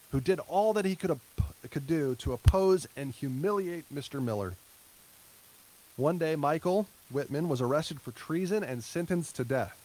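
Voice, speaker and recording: A male pastor with a slightly high, darkish voice gives a conversational sermon, captured in a rough recording. He adds light laughs and asides to the congregation before ending with a prayer.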